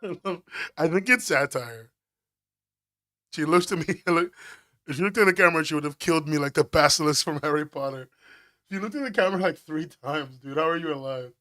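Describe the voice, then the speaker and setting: A man's voice: on the high side, fairly quick, pushed and bright, no room sound, clean studio sound. A man chatting casually on a stream, joking, swearing and laughing often. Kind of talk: casual stream chat reacting to videos.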